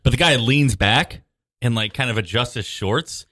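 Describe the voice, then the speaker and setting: A man co-hosting a casual chat, wry and quick to laugh as he tells an anecdote. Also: medium pitch, bright, forceful tone, no room sound, clean studio sound.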